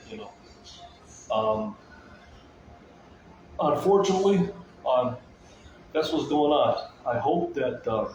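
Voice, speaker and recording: A man's voice: mid-range voice, noisy background. A man talking casually to viewers in a rambling, repetitive rant, circling back to the same phrases. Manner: agitated, ranting. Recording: echoey, muffled, with loud room ambience.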